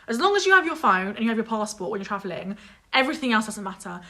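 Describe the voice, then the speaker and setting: A young woman telling a story in casual chat, animated and exasperated, swearing freely and mimicking others. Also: medium pitch, fast talker. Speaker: vlog guest telling a story.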